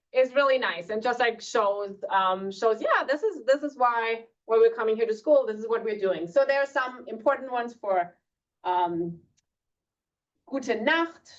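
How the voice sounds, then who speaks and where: Slow-spoken woman teaching German basics. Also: fairly high pitch. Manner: relaxed, many fillers, slow deliberate pronunciation of German words. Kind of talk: casual classroom lesson. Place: school classroom. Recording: distant, muffled classroom recording.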